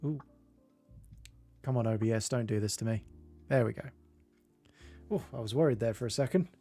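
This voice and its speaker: A man's voice: mid-range voice, moderate pace, dark tone, breathy edge. A man chatting casually with viewers at the start of a live stream, greeting them by name and rambling a little. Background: faint game music.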